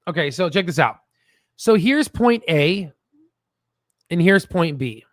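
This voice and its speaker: A man hosting a casual stock market livestream, animated and swearing, with stammering restarts. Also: fairly high pitch, slow, no echo, studio quality.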